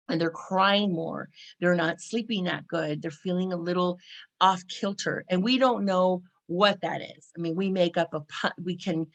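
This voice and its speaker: A woman in her forties from California gives a casual spiritual talk to camera. Her voice sits a little low, and she keeps checking in with her listeners, breaking into playful exclamations now and then. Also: fairly bright tone. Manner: chatty, frequent "right?" and "you know", acts out exclamations. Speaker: spiritual vlogger.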